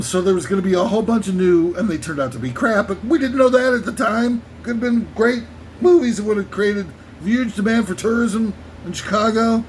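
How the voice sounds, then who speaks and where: A man's voice: sits high, slight background noise. A man hosting a comedy countdown, rambling irreverently and swearing in a casual comic rant. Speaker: comedy list show host.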